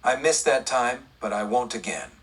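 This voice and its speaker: A man voicing a cold, menacing male outlaw gunman in an audiobook western, speaking slowly and deliberately. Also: mid-range voice, a bit bright, slightly rough, far from the mic. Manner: slow, deliberate, icy.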